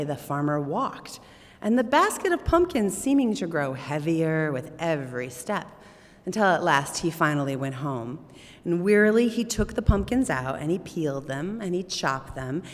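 A woman storyteller with a low voice reads a tale aloud, swinging her pitch in lively, animated arcs. The sound carries a long hall reverb.

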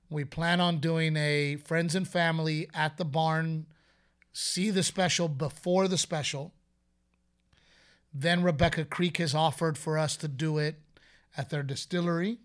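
A man co-hosting a podcast in casual chat, a joking, animated storyteller who swears freely. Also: on the high side, unhurried, clear, resonant tone. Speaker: podcast co-host.

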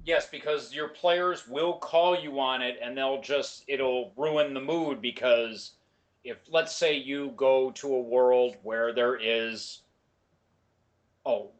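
Male podcast guest, middle pitch, emphatic and conversational. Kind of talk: casual chat.

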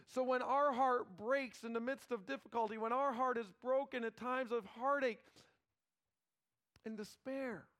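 A pastor preaching a sermon, retelling a scripture story with earnest emphasis, informal asides and dramatic pauses. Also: male voice, high voice, a bit bright.

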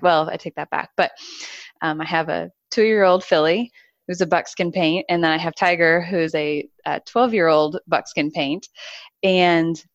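A woman's voice: on the low side, no room sound, dull audio. A woman who trains horses, talking in a friendly, rambling way with frequent laughs in casual conversation.

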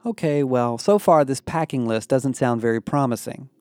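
A man's voice: mid-range voice, normal speed, darkish tone, no room sound, lightly acted. A man voicing a skeptical teenage girl who complains and questions everything. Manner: suspicious, complaining.

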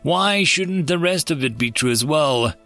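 A man's voice: expressive, measured pace, pushed and bright, soft background music, exaggerated voice. A man voicing a wry, defiant dying man who banters sarcastically and asks pointed questions. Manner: sarcastic, questioning, a bit higher than narration.

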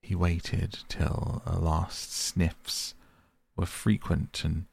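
A man reading a classic storybook aloud in a measured, gentle storytelling manner. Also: sits low, little pitch movement, creaky, husky. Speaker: narrator.

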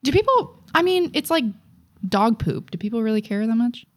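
A young woman co-hosting a podcast in casual chat, animated and exaggerated, swearing freely as she tells a story. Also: on the high side, normal speed. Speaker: podcast co-host.

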